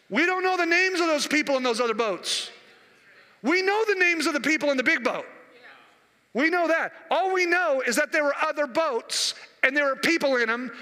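A man's voice: very high voice, pushed and bright, in a large hall. A male preacher delivering a sermon, emphatic and repetitive, putting rhetorical questions to the congregation.

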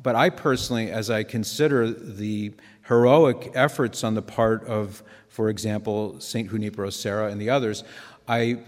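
Earnest male preacher in a reverberant hall. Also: mid-range voice. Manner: conversational, earnest, digressive with asides. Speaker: Catholic preacher. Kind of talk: sermon.

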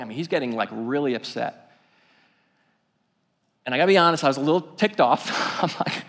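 Pastor preaching in a reverberant hall. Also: male voice, a little high, quick pace. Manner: storytelling, animated and conversational. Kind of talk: sermon.

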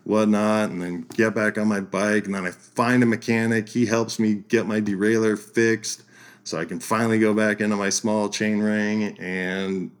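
A man with a fairly low voice, a podcast guest telling a story in a casual, animated way. He keeps laughing as he talks. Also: moderate pace. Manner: animated storyteller, laughs through his lines.

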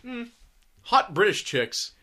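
Bright-voiced laughing man on a podcast. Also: high-pitched, very animated, takes it slowly. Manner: rambling, crude, laughs often. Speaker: podcast co-host. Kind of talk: casual podcast chat.

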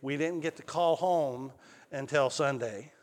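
A male pastor telling a personal story in a sermon, swinging between loud calls and hushed lines. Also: fairly high pitch, a little slow, in a large hall. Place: church sanctuary.

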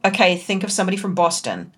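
A woman's voice: lowish voice, big pitch swings, fast talker, a bit bright, slight background noise. A woman from outside the USA co-hosting a book podcast, chatty and self-deprecating, laughing often. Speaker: podcast co-host. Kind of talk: casual book-discussion chat.

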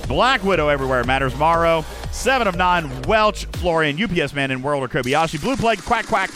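Lively joking male podcast host. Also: a little high, brisk, soft background music. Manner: jokey, rambling, rattles off long lists of names. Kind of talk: casual podcast banter and shout-outs.

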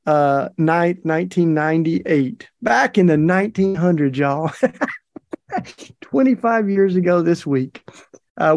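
Telling a casual story on his podcast, this middle-aged host is folksy and talkative, leaning on lots of fillers. His fairly high voice has vocal fry and a darkish tone, captured in studio quality without echo.

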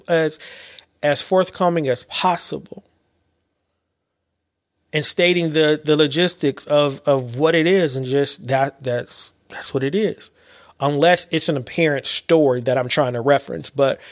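A man in his late thirties hosting a podcast, talking through his thoughts in a casual, animated way, with repeats and slang. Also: medium pitch, no echo, clean studio sound. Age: late 30s. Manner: animated storyteller with repetitions and slang. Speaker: podcast host. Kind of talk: casual reflective monologue.

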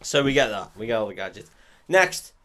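Male co-host in his 30s, animated pitch, swears freely, jumps into character voices while retelling a plot. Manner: sweary, laughing, acts out scenes in quick impressions. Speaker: podcast co-host. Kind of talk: casual film-recap banter.

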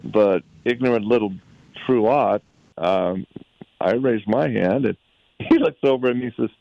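A man from Utah, a guest recounting a personal story in conversation, halting and often repeating words as he recalls events. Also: medium pitch, vocal fry, no room sound, lo-fi sound.

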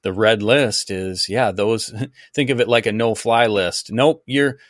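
A male podcast host in casual interview chat, easygoing and a little halting. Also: on the low side, no echo, clean studio sound.

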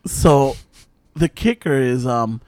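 Animated man telling a spooky story. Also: mid-range voice, slow pace, no room sound. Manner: animated storytelling, swearing, mixes in Spanish. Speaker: storyteller guest. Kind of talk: casual chat.

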